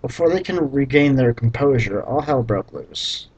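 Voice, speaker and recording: A man reading a badly written novel aloud and breaking off for deadpan, sarcastic, profane commentary. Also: mid-range voice, normal speed, husky, highs cut off. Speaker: reader mocking a book.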